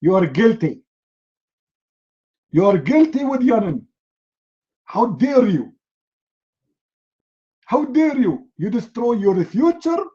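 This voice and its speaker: A man's voice: sits high, big pitch swings, slow pace, long pauses, mellow, dull audio, voice pushed up, exaggerated voice. Man doing a shrieking outraged judge. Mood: furious. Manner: berating, mocking, outraged. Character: furious shouting male court judge.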